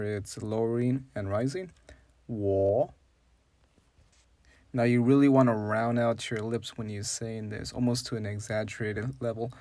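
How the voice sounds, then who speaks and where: A man's voice: medium pitch, darkish tone, dry recording. A man teaching a beginner language lesson with patient explanations, modeling sounds aloud. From English-speaking country. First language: English. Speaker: language channel host.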